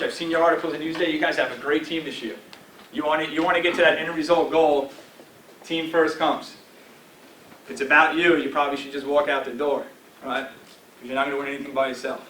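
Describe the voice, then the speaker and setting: A man in his forties speaks to a room full of players in a direct coaching voice, his tone sitting a little high for a man. He is recorded from a distance, so his voice bounces around a roomy space over a faint background hum. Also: fairly bright tone. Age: 40s. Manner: direct, coaching tone with frequent "all right?" and "right?". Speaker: guest speaker addressing a football team. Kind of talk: motivational talk. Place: team meeting room. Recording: roomy echo from afar with faint ambience.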